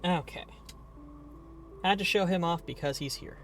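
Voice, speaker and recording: A man's voice: high-pitched, normal speed, fairly bright tone, a little hiss or hum. A man streaming a game live, chatting casually in a rambling, playful way and swearing now and then.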